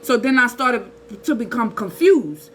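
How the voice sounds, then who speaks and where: A woman, giving a casual spiritual talk in an animated, preachy way with slang and rhetorical asides. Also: a little high, unhurried, noisy background. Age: 30s. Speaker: spiritual channel host.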